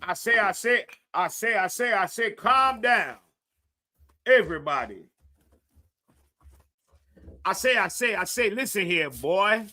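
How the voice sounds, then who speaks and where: Bluster bit: a man putting on a loud, high cartoon rooster who stammers and drawls. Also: lively intonation, slow pace, long pauses, exaggerated voice. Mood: scolding. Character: blustering loudmouth cartoon rooster, male, adult.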